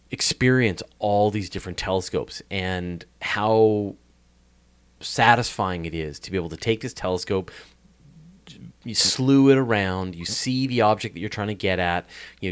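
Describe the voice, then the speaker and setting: A man's voice: on the low side, moderate pace, clear, resonant tone. A man with a Canadian accent, an astronomy podcast host, answering interview questions in an enthusiastic, rambling way with many restarts.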